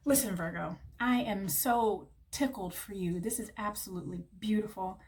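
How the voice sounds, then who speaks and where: A woman's voice: medium pitch, normal speed, heavy background noise. Gushing tarot reader, a woman. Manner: warm, gushing, affectionate, calls listener honey and baby. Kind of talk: tarot reading to camera.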